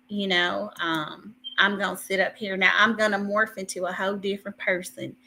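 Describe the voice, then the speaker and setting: A woman's voice: mid-range voice, moderate pace, vocal fry, few pauses, pushed and bright. A woman hosting a live stream, chatting casually and animatedly with her viewers while she waits, often laughing between lines. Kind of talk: casual live commentary to a chat.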